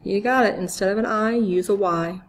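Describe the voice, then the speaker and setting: A woman's voice: mid-range voice, normal speed. A woman teaching a grammar lesson, speaking patiently, spelling out letters and quizzing the listener. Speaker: Spanish teacher. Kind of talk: slow, clear grammar lesson.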